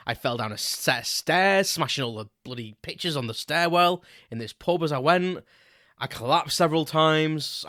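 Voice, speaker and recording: A British man hosts his own podcast, spinning a chatty, rambling anecdote peppered with casual swearing. His voice is bright and forceful, recorded dry and close with no room sound. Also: medium pitch, no room sound. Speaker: podcast host. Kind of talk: casual solo storytelling.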